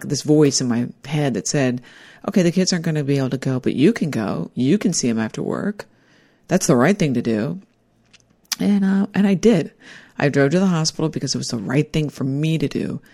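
A woman's voice: sits low, dark tone. A middle-aged woman giving a personal, reflective talk about life lessons, earnest and heartfelt. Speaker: speaker sharing life lessons.

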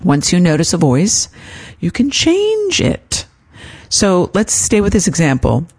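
A woman hosting a self-help podcast, talking gently and encouragingly as a life coach. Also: lowish voice, huge pitch swings, measured pace, slightly rough. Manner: gentle, encouraging, acts out her inner voice in quotes.

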